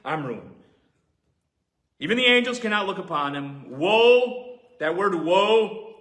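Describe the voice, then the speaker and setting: A man's voice: a little high, fairly bright tone. A man preaching an earnest, emphatic sermon as a pastor, repeating key points. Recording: roomy echoing hall.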